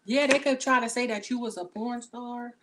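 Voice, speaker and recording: A woman's voice: fairly high pitch, steady tone, normal speed, noisy background. A woman giving a casual tarot reading to camera, talking in blunt, slangy, profane chatter into the camera mic. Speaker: tarot reader.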